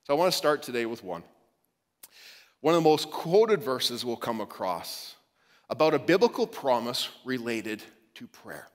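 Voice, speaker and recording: A man's voice: medium pitch, big pitch swings, moderate pace. A man preaching a sermon as a pastor, conversational, with light humor and frequent restarts. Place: church sanctuary. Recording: long reverb of a church hall.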